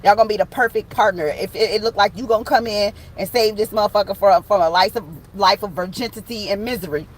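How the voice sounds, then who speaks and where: A woman's voice: mid-range voice, quick pace, hardly any pauses, a little hiss or hum, poor audio. A woman giving a casual online tarot reading from a truck, slangy and profane, joking and acting out little scenes. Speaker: tarot reader. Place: in a parked truck with the window open.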